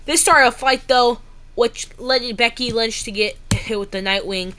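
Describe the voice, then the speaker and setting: A woman giving a casual, excitable wrestling recap, ranting and saying "bro" a lot. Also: fairly high pitch, measured pace.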